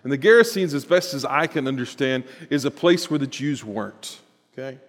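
A man preaching a sermon in a church, animated and building to emphatic bursts. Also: mid-range voice, fairly quick. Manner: animated, rising to emphatic bursts, with chuckles and repetitions. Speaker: pastor. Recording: long reverb of a large hall.

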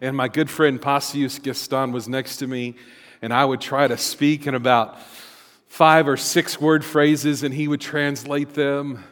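A middle-aged man preaching a sermon as a pastor, talking conversationally with fillers and restarts and rising into loud emphasis. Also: medium pitch, steady tone, measured pace. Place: church sanctuary. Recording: long reverb of a large hall.

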